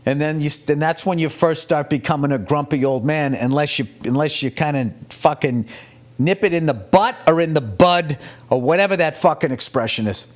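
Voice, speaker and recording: A middle-aged man talks off the cuff like a working comedian, swearing freely and drifting from one story to the next. His delivery is casual and animated, with plenty of restarts and asides. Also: a little high, moderate pace. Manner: profane, rambling, animated storytelling. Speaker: comedian, podcast host. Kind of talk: casual rambling monologue.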